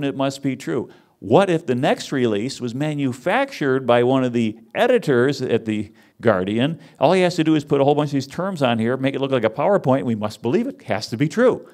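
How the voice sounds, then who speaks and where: A man giving a conference talk, wry and animated, teasing his audience as he speaks. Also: medium pitch. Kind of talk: lively lecture with audience banter.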